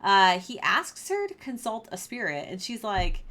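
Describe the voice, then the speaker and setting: A woman's voice: medium pitch, sing-song, measured pace, hardly any pauses, fairly bright tone. A young woman who teaches a casual Bible lesson in a chatty way, with lots of fillers, and who reads scripture aloud. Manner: chatty, filler-heavy, laughs at the story.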